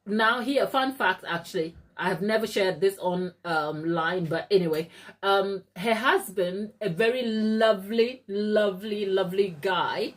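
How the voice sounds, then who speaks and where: Chatty woman telling a cake story. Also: measured pace. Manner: chatty, animated, acts out others' lines in a high voice. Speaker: cake maker and channel host. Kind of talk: casual live-stream storytelling. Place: her home kitchen.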